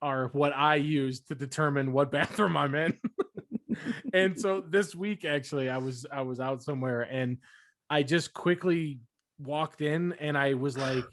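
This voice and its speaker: A man's voice: on the high side, a little slow, a bit bright, no room sound, clean studio sound. A young man co-hosting a podcast, chatting casually and jokingly acting out what people said. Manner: jokey, acts out quoted voices. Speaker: podcast co-host. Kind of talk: casual banter.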